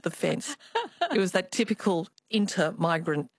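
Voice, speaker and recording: A woman's voice: fairly low pitch, moderate pace, husky, dry recording. Reflective older woman storyteller. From Australia. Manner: reflective storytelling, with small restarts. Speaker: guest, artist. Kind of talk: radio interview.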